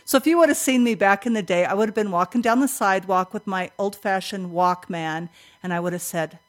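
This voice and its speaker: An older woman tells a story from her own life in an interview with a voice of middle pitch. She talks in an animated way, acts out what she thought back then and breaks into laughter often. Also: a little fast. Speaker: interview guest. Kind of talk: personal storytelling in conversation.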